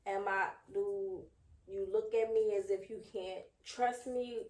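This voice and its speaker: A woman's voice: mid-range voice, fairly even intonation, takes it slowly, darkish tone. A woman in her thirties co-hosting a podcast, speaking frankly and emphatically in casual chat. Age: 30s. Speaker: podcast co-host. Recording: echoey room.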